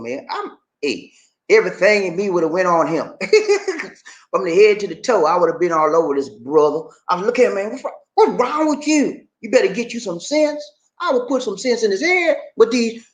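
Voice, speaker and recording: Male commentary host, lively up-and-down voice, playful and preachy, repeats himself a lot. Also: high-pitched. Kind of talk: animated commentary on a news story.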